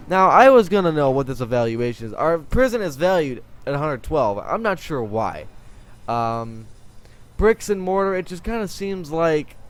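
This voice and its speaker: A man giving casual, joking commentary while he plays a prison-building game and talks to himself. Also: fairly high pitch.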